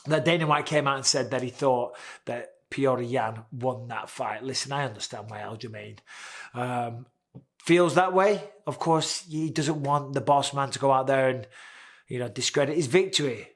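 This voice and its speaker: A man's voice: medium pitch, normal speed. A man in his forties hosting a casual, candid sports commentary, chatty and swearing now and then. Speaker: host.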